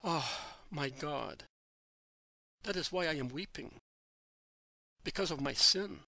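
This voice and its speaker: A man's voice: fairly high pitch, animated, takes it slowly, creaky, sharp tone, no room sound, full character voice. A man reading the lines of a grieving, remorseful apostle in a sorrowful, pleading voice.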